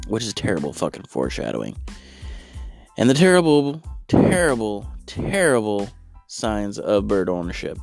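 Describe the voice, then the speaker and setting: A man's voice: lowish voice, animated, unhurried, creaky, faint music behind. A man riffing on a movie in a crude, sarcastic comedy rant full of profanity.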